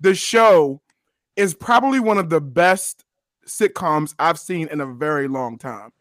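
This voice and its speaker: Excitable man on a dry mic. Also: on the high side, measured pace, no echo. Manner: animated, laughing, repeats words. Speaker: podcast co-host. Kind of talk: casual chat.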